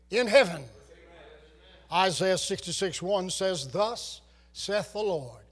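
A man preaching a sermon, reciting scripture with dramatic, swelling emphasis. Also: high-pitched.

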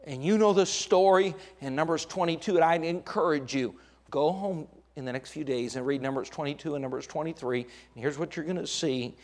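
A man's voice: a little high, brisk. Male preacher, middle-aged, sermon delivery with sudden climbs and acted-out lines. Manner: preaching with dramatic rises, acting out quoted voices. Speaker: pastor.

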